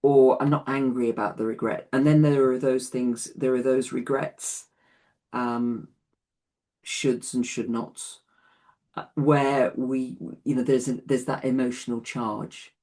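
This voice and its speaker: A woman's voice: very deep voice, steady tone, measured pace, warm tone. A woman in her late sixties teaching an online class in a chatty way, often laughing between points. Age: 60s.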